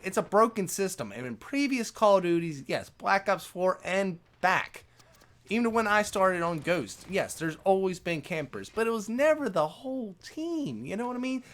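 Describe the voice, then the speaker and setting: A man, a gaming YouTuber, ranting casually to his viewers in a loose, conversational way. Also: sits high. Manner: animated, conversational, lots of "man" and "you know".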